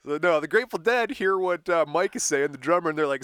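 Man, podcast co-host, casual storytelling, animated, dry close sound. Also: on the high side, quick pace, clear, resonant tone, no echo. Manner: animated, acts out quotes in bursts.

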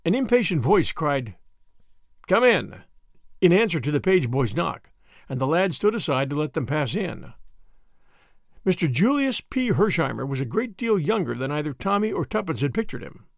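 A man reading a novel aloud as a narrator, expressive and animated, on a close mic. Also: fairly high pitch, moderate pace, vocal fry, no room sound. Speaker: audiobook narrator. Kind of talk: scripted narration.

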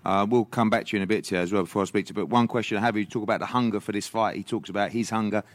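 A man hosting a boxing press conference, putting brisk, probing questions to the fighters. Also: on the low side, steady tone, dry recording.

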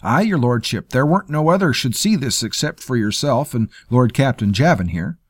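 A man's voice: mid-range voice, animated, moderate pace, no echo, studio quality, pitched above the performer's own voice, close to an everyday voice. A man voicing a common soldier sergeant who speaks with deferential urgency. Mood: urgent.

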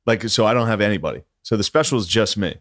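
A man's voice: lowish voice, fast talker, no echo, studio quality. A man who is a comedian guest on a podcast, talking in a laid-back, self-deprecating way and swearing casually. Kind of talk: casual chat.

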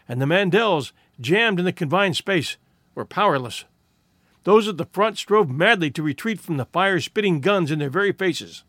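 A man narrating a story in a dramatic, expressive audiobook reading. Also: high-pitched, dry recording, clean studio sound.

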